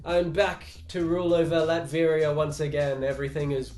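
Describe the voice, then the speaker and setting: A man's voice: fairly high pitch, flat delivery, moderate pace, a little mellow, echoey room, faint music behind, lightly acted. A man quoting a masked male ruler who casually announces his return to power, in a comic recap. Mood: smug.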